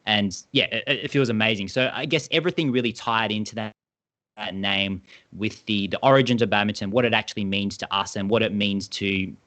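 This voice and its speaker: Australian male co-founder, lowish voice, enthusiastic and wordy on a video call. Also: steady tone, a little fast, sharp tone. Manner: enthusiastic, rambling explanations. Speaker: badminton brand co-founder. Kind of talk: casual interview talk.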